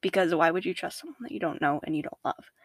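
A young woman, a podcast guest, talking casually about faith, animated, laughing often and acting out her own inner voices. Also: lowish voice, quick pace, no echo.

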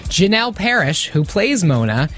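A woman's voice: mid-range voice, sing-song, normal speed, fairly bright tone, faint music behind. A woman co-hosting a TV after-show, chatting casually and eagerly as she reads out news. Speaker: co-host. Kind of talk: casual talk show chat.

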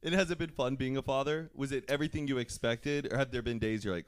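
A man chatting casually on a podcast, laughing often and reacting quickly. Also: mid-range voice, clean tone, dry recording, studio quality. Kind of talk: casual chat.

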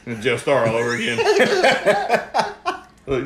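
A man's voice: medium pitch, wildly swooping pitch, slow pace, pauses often, music in the background. Guy spinning cussing-heavy stories, laughs a lot, roomy echo around him. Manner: profane, rambling storytelling with lots of laughter. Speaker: guest storyteller. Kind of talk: casual podcast chat.

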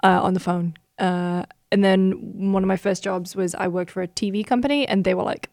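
A woman from the north of England with a softened northern English accent, chatting casually as a podcast co-host. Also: medium pitch, fairly even intonation, brisk, dry recording, studio quality. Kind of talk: casual chat.

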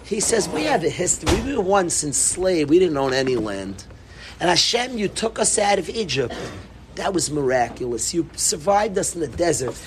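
A middle-aged man giving an animated Torah talk to students, repeating himself and bursting into emphatic calls. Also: on the high side, moderate pace, noisy background. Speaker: yeshiva rabbi.

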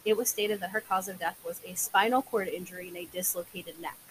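A woman's voice: on the low side, steady tone, brisk, a bit bright, a little hiss or hum, low-quality recording. A young woman co-hosting a true crime podcast, recounting case details casually with many filler words. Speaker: podcast co-host.

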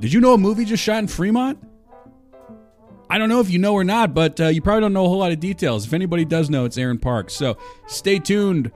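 A man's voice: fairly high pitch, a little mellow. A man hosting a podcast, talking casually in a rambling, self-deprecating and wry way. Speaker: podcast host. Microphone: studio microphone.

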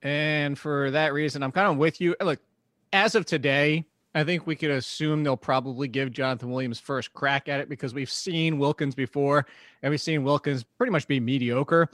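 A man calling in from home as a guest analyst, talking in a relaxed, conversational way. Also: fairly high pitch, normal speed, no room sound, studio quality. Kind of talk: casual podcast chat, call-in.

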